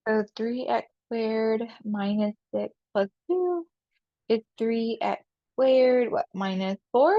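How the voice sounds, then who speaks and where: A woman's voice: on the high side, slow, dry recording. Woman teaching math in a dull, dry recording. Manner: talks through steps aloud, asks and answers her own questions, repeats key phrases. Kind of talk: recorded video lesson.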